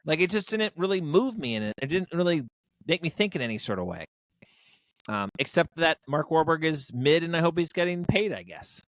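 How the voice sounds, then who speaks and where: A man co-hosting a movie podcast, talking in a rambling, jokey way. His pitch sits a little high and swings widely as he riffs. The sound is dry and close, with no room around it. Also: brisk, dry recording. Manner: rambling, animated, jokey, with many fillers. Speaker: podcast co-host. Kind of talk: casual movie review chat.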